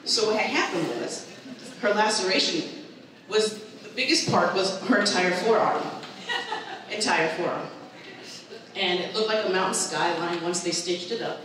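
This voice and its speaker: A woman performing a stand-up comedy set, telling a family story in an animated way and acting out the people in it. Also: medium pitch, normal speed, crowd noise. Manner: animated storytelling, acts out her mother's voice. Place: comedy event hall with live audience. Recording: echoey hall, far from mic, audible room noise.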